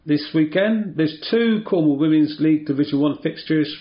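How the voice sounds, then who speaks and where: A man hosting a casual local radio sports show, chatty and relaxed with plenty of ums and uhs. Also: on the high side, moderate pace. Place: radio studio. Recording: roomy, slightly dull radio studio sound.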